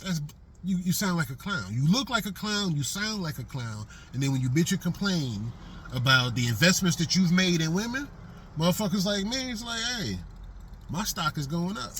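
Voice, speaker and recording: A man's voice: high voice, animated, moderate pace, fairly bright tone, a little hiss or hum. A middle-aged man giving a blunt, profane, streetwise vlog monologue from a vehicle. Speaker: vlogger.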